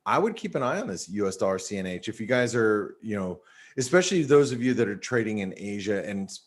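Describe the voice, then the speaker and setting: A low-voiced man leads an online trading session, his talk casual and wandering. He sounds worn out and yawning, filling gaps with "you know" and "uh". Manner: loose and rambling, many fillers. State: tired and yawning. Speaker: webinar host. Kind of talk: casual market commentary.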